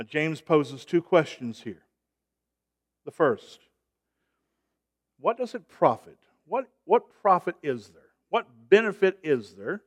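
Pastor guy preaching hard, kinda high voice, gets loud on the big points. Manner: emphatic preaching, rising in volume on key points. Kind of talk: sermon.

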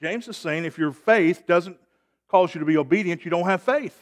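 A man's voice: high voice, moderate pace. A man preaching a sermon as pastor, emphatic and rising in volume on key points.

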